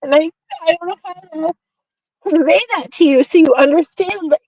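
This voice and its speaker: Woman guest on a livestream, high voice, dry close sound, pleading and repetitive. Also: normal speed, a little mellow, no echo, rough recording. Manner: pleading, repeats herself. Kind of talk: heated livestream argument.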